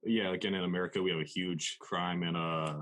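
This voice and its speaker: A man with a low voice hosts a casual podcast interview. He asks his questions loosely, with fillers and pauses. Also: flat delivery, fairly bright tone. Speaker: podcast host.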